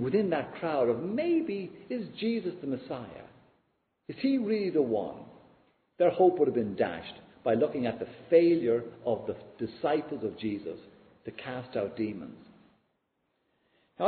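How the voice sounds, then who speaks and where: Lively male preacher in an echoey hall. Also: medium pitch. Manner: earnest, teaching, lively rise and fall. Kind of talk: expository sermon. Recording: echoey hall, tinny lo-fi sound.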